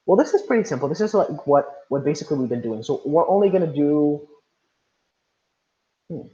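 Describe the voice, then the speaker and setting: Guy teacher on a video call, kinda high voice, dull muffled audio, calling on kids. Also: lively intonation, fairly quick, mellow. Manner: encouraging, calls on students by name. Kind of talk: online class teaching.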